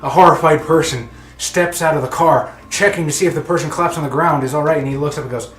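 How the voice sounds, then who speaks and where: A man narrates a tabletop game as its game master, loose and laughing as he talks. His voice sits a little high, and the room is echoey. Faint music plays underneath. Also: quick pace, fairly bright tone.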